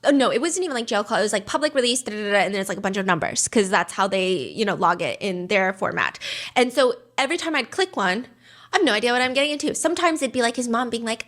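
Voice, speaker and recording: A woman hosting a true-crime podcast, telling the story with expressive, dramatic asides. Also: medium pitch, quick pace.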